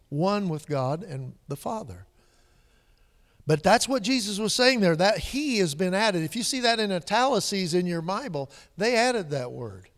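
Preacher man in a reverberant hall. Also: on the high side. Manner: swings from hushed whispers to loud emphatic peaks. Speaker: pastor. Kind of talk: sermon.

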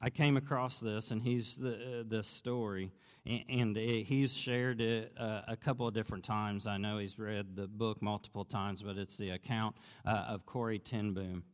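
A man preaching a sermon, telling a story in an earnest, conversational way that grows animated as he goes. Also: on the low side, normal speed. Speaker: pastor. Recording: long reverb of a large hall.

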